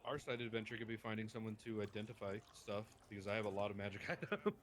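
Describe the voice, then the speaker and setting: A man's voice: fairly low pitch, fast talker. A man chatting casually on a live tabletop game stream, explaining rules in rambling, self-correcting bursts. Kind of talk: casual gaming chat on stream.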